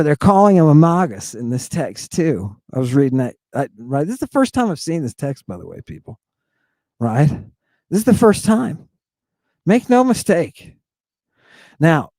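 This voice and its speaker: Combative, theatrical man with a lively voice. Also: fairly high pitch, no echo. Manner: combative, theatrical, swings between loud outbursts and hushed asides. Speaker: show host. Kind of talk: fired-up monologue, reading ancient Greek text aloud.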